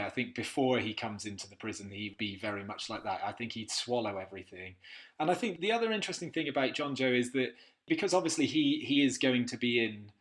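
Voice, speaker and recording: A man's voice: mid-range voice, a bit bright. A man who is a podcast guest and speaks in a reflective, thoughtful way in an interview. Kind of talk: interview discussion.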